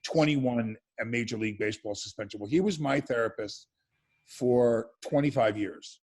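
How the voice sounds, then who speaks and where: A man chatting as an interview guest over a video call, telling stories with quick asides and restarts. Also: mid-range voice, a little mellow, slightly rough. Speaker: interview guest, former reality show participant. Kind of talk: storytelling interview chat.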